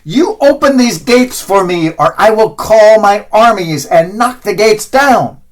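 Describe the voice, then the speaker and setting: Brief: male preacher doing an arrogant warrior pope, loud, threatening, raised pitch, lively. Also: measured pace.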